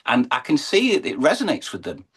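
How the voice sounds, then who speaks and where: A man's voice: mid-range voice, wildly swooping pitch, a little fast, a bit bright, slightly rough. A middle-aged English man, a horse and falcon showman, telling his story in an earnest, emotional interview. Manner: earnest, emotional, building to uplifting emphasis.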